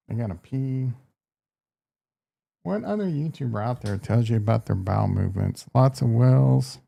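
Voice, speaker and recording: Crude joking man, gravelly voice. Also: mid-range voice, expressive, moderate pace, warm tone, no echo, dull audio. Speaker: host. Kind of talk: casual live-stream chat.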